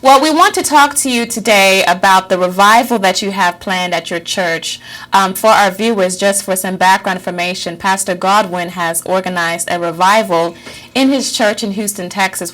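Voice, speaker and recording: Brisk female TV interviewer. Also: mid-range voice, fairly bright tone. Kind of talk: news interview.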